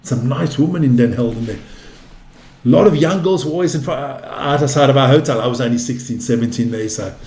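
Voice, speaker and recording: A man's voice: mid-range voice, fairly quick, a little mellow. A man in his fifties hosting a live darts stream, calling scores and chatting casually with viewers. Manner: chatty, calls scores and answers viewer chat. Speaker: darts commentator and stream host. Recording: roomy echo.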